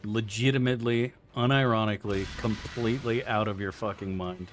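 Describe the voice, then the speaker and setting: A man's voice: fairly low pitch, steady tone, fairly quick, soft background music. A young man streaming a game live, casually and profanely bantering with his chat as he plays. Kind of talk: live gameplay commentary reading chat.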